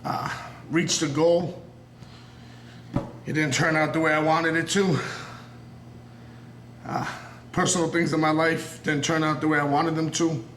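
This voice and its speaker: A man in his thirties with a New York accent, a pro wrestler cutting a raw, unscripted promo interview; he's earnest and intense, rambling and circling back on himself. His voice sits on the high side and is fairly bright, with a steady tone, an unhurried pace and frequent pauses. The recording has a roomy echo and a little hiss or hum.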